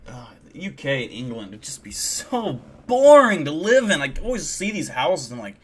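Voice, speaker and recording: A male streamer rants and swears as he reacts to a video live, sounding openly incredulous. His voice sits a little higher than most men's. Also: big pitch swings, moderate pace, fairly bright tone, husky. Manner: ranting, profane, incredulous. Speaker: streamer host.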